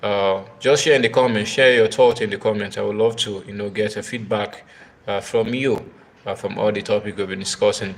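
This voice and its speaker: A man talks tennis on a live video in a low, gravelly voice. He speaks in halting bursts full of fillers and repeated words. He keeps turning to his viewers to ask for their comments. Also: steady tone. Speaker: tennis live-stream host. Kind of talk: casual live-stream commentary.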